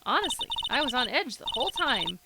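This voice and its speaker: A woman voicing a calm, composed female lawyer who speaks softly and evenly, with game music behind. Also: high voice, brisk, heavy background noise, pitched above the performer's own voice. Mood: fond. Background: loud game music.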